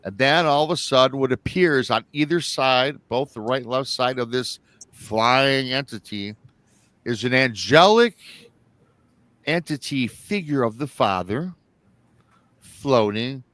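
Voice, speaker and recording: A man's voice: medium pitch, a little slow, fairly bright tone, dry recording. A man hosting a live show, retelling a listener's story in a rambling, casual way and acting out the quoted lines. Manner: rambling, repeats himself, acts out quoted lines.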